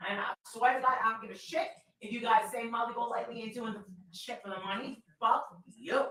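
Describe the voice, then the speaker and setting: A woman hosting a livestream, loud and demanding, swearing constantly as she rants at her viewers. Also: on the high side, fairly even intonation, brisk, distant mic, poor audio. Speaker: livestream host. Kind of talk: profane livestream rant.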